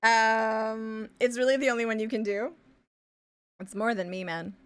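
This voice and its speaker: A woman from Ontario, chatting casually as a live streamer while she draws. She thinks aloud with many fillers and often trails off into quiet mumbles. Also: fairly high pitch, steady tone, a little slow, clean tone. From Canada, Ontario. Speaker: live streamer and pixel artist. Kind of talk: casual chat while drawing.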